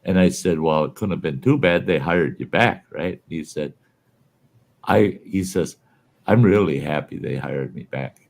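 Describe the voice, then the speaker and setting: A man's voice: extremely low pitch, lively intonation, measured pace, creaky, darkish tone. A man hosting a casual chat, telling folksy anecdotes and laughing at his own stories. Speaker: podcast host.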